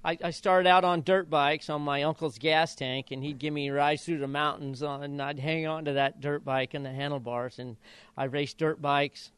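Older man, former jockey, smooth slightly high voice, chatty storyteller who acts out quotes, dry close mic. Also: steady tone, normal speed, fairly bright tone. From Idaho. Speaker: retired jockey and father of jockeys. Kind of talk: casual interview storytelling.

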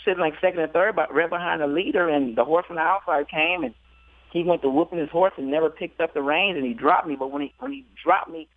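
A man's voice: fairly high pitch, quick pace, no echo. A man tells racing stories over a tinny, phone-like line, with a dry, close sound. He laughs often and jumps into playful voices for the people he quotes. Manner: laughing, animated storyteller acting out quotes. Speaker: jockey guest. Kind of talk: storytelling interview.

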